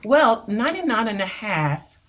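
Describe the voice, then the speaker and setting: An older American woman, a singer and author, is a guest in a casual interview chat, telling stories in an animated way, laughing often, and using hesitant fillers. Her voice is fairly high in pitch at a moderate pace, with slight background noise.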